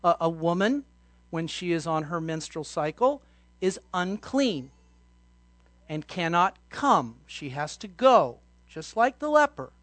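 A man preaching a sermon, telling Bible stories and acting out scenes with sudden shouts. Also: high voice, no room sound. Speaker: pastor.

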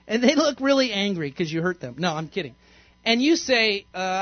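A man's voice: high-pitched, expressive, moderate pace, dry recording. Playful pastor man, dry dull recording. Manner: conversational, playful, quizzes the congregation. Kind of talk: interactive sermon. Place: church sanctuary.

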